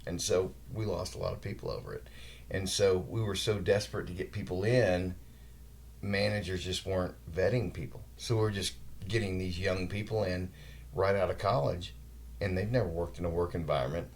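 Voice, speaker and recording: A man's voice: low voice, normal speed, vocal fry. A man in his forties hosting a podcast, telling rambling work anecdotes in casual chat with some mild swearing. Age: 40s. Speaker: podcast host.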